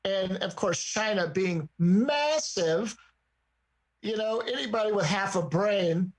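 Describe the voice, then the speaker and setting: Husky, animated voice in casual talk. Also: medium pitch, takes it slowly, poor audio. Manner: animated, emphatic, conversational. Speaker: podcast co-host. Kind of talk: casual discussion.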